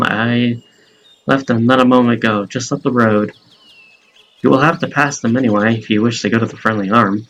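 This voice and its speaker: A man's voice: medium pitch, dull audio, a little hiss or hum, close to an everyday voice. A man reading a formal forest stranger. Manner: old-fashioned, formal phrasing.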